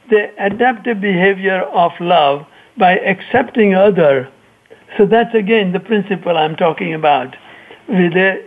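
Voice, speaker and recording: High-voiced man on a tinny phone line. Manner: halting, restarts phrases, reflective. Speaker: yoga teacher and author. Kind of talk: radio interview answers.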